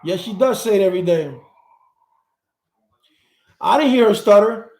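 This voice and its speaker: A man's voice: sits high, animated, moderate pace, a little mellow. A man hosting a live stream, reading viewer comments and rambling through his opinions, often repeating words while he searches for them. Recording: echoey room.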